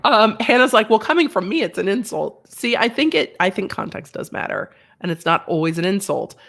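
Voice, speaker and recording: A woman's voice: medium pitch, fairly quick, gravelly. A woman hosting a casual livestream, chatty and reading viewer comments aloud, a bit unwell with a sinus infection. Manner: chatty, animated, reads chat aloud. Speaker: livestream host.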